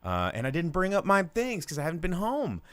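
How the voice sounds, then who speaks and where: A man's voice: fairly high pitch, huge pitch swings, brisk, fairly bright tone, clear, resonant tone. A man co-hosting a podcast, chatting casually and joking, rambling with lots of fillers. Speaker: podcast co-host. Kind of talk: casual chat.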